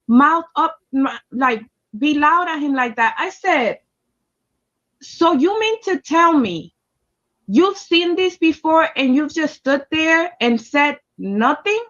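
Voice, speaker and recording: A woman's voice: sits high, lively intonation, slow pace, fairly bright tone, lo-fi sound, faint music behind. A woman telling a personal story in a casual, emphatic and heated way, with heavy swearing. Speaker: storyteller recounting a personal experience.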